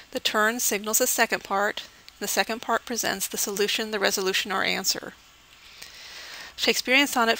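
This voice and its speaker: A woman lectures on poetry in a clear, bright voice with a gravelly edge. She explains each term step by step, checks in often with her listeners, and reads verse at a slow, measured pace. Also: medium pitch, poor audio. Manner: teacherly, explains step by step with frequent "okay" checks; reads the poem slowly and measured. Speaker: English professor.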